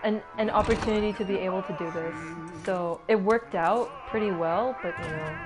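A woman's voice: medium pitch, normal speed. A woman streaming a video game, giving playful, chatty, self-mocking commentary. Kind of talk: casual gameplay commentary. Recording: faint game music behind.

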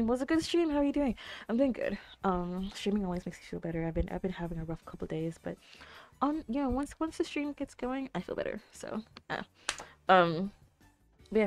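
A young woman streaming live, chatting casually with her viewers in a rambling way full of fillers. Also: medium pitch. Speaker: Twitch streamer.

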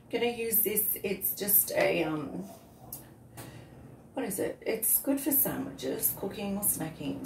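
A woman's voice: medium pitch, a little mellow. A woman, unwell with a cough, chatting in a rambling way while cooking for her vlog. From Australia. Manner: chatty, rambling, often trails off into asides. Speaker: vlogger. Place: outdoors on a windy day. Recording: roomy, far from the mic, faint background noise.

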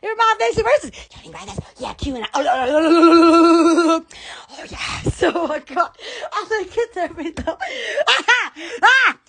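A woman hosting a casual live stream, giddy and excitable, laughing and squealing often. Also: very high voice, takes it slowly, creaky.

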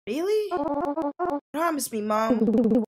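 A woman voicing a frightened young boy, pleading with his mother in a high voice. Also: very animated, slow pace, darkish tone, slightly rough, soft background music, exaggerated voice.

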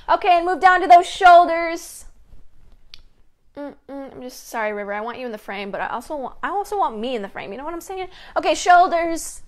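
High-voiced playful woman leading kids' story time. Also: normal speed. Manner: upbeat, playful, chatty, addresses kids directly. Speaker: family educator hosting story time. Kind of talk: children's story time and movement warm-up. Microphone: own mic with a close camera.

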